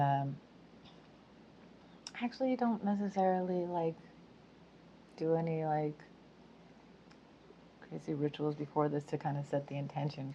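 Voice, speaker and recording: Low-voiced woman rambling slow and chatty, giggles a lot, kinda muffled lo-fi audio. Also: warm tone, a little hiss or hum. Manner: chatty, giggly, many fillers. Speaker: spiritual speaker. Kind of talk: casual monologue to camera. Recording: dull lo-fi sound.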